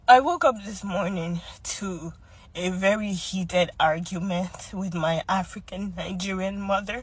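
Young woman crying in her vlog, husky voice, dry close sound, keeps stopping and restarting. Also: mid-range voice, no room sound, rough recording. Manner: tearful, halting, restarting sentences. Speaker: vlogger. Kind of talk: emotional personal vlog.

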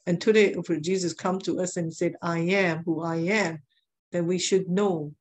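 A woman's voice: on the low side, fairly even intonation, normal speed, darkish tone, slight background noise. Give me a woman preaching earnestly, a storytelling sermon with repeated phrases.

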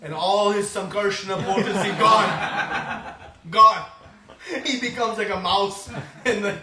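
This man preaches a devotional lecture built on stories, performing different voices and laughing frequently. His voice sits high and his pace is slow, and he sounds distant in an echoey room with a crowd audible behind him.

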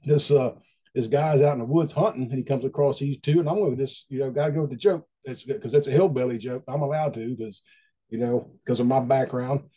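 A man's voice: medium pitch, brisk, mellow, breathy edge. A man giving a casual devotional talk, folksy and conversational, often repeating his phrases. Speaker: Christian devotional speaker.

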